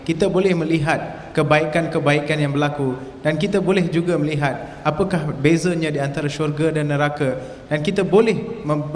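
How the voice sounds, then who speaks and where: A man working as a live interpreter for a lecture, relaying the teacher's words steadily. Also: fairly high pitch. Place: large hall. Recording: echoey hall, faint background noise.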